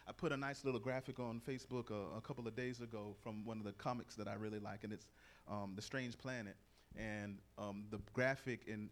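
A middle-aged man preaching a sermon in a lively, conversational way, reading verses and telling stories. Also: fairly low pitch. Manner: lively, conversational, acts out quoted voices.

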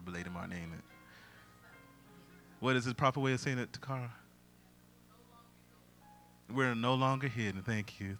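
A man who is a pastor, preaching a sermon and breaking into loud song. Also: lowish voice. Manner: preaching with bursts of loud singing.

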